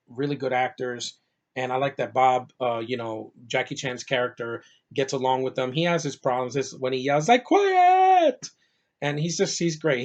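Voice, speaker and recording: A man giving a casual movie review on his channel, enthusiastic and rambling, with lots of fillers and restarts, sounding a little tired. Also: mid-range voice.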